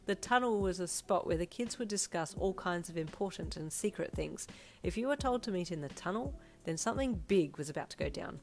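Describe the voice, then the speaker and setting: Woman narrating with soft piano behind. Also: on the low side, expressive, fairly quick. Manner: gentle storytelling, chatty sign-off. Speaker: fanfiction narrator. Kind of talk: scripted narration. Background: soft piano music.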